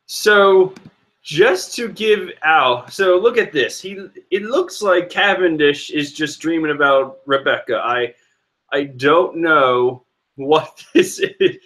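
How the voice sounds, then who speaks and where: A man casually reading and reacting to a comic chapter, animated and rambling with restarts. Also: on the high side, slow.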